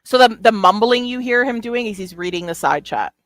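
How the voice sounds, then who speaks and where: A woman's voice: a little high, expressive, brisk, no echo. A woman hosting a live stream, chatting casually in a rambling, profane way with lots of fillers. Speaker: stream host. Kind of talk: casual commentary chat.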